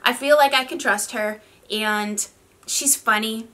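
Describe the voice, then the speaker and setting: A woman from the northern United States chatting casually as a beauty vlogger, rambly and quick to laugh. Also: a little high, sharp tone. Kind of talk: casual chat.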